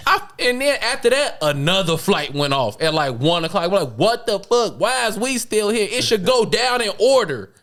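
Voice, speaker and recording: Young man, chicago accent, casual podcast storytelling, animated, slightly high voice. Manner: animated, laughing, acts out voices. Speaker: podcast co-host.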